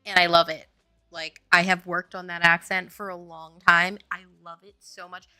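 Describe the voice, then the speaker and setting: A woman's voice: on the low side, level tone, moderate pace, pushed and bright, clear, resonant tone, soft background music. A woman from Louisiana, a game developer chatting casually on a stream, rambling and laughing often. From Louisiana, US Southern. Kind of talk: casual chat on a dev stream.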